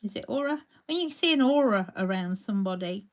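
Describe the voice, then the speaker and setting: A woman's voice: mid-range voice, animated, a little fast. A woman hosting a live crafting tutorial, chatting along and greeting viewers by name as she paints. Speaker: crafting demonstrator.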